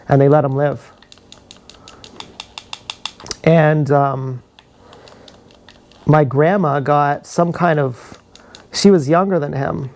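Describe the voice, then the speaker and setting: A man's voice: on the high side, fairly even intonation, slow pace, long pauses, a little mellow, slight background noise. A man talking in a meandering, confessional way on a livestream, laughing at his own stories. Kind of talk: rambling livestream monologue. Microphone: action camera.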